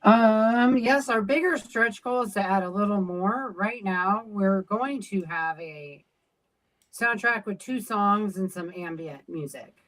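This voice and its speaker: A woman's voice: medium pitch, measured pace, fairly bright tone, rough recording. A woman being interviewed as a game designer, talking casually with many fillers and restarts.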